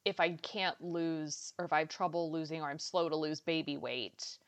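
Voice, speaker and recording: A woman co-hosting a podcast, chatting casually about a sitcom episode with lots of fillers and animated asides. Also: low-pitched, normal speed. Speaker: podcast co-host. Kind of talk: casual chat recapping a sitcom.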